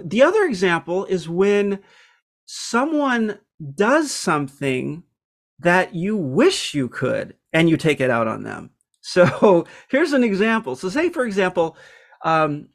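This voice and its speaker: A man's voice: a little high, vocal fry, fairly bright tone. A man hosting a self-help episode, talking casually and reflectively with frequent ums and restarts. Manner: reflective, many fillers and restarts. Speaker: podcast host.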